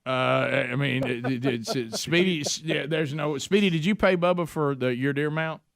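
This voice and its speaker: A man's voice: on the high side, vocal fry, a bit bright, dry recording, clean studio sound. A man hosting a talk radio show, joking with co-hosts and taking calls in a casual way. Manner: joking, quick to laugh, fields calls. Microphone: studio microphone.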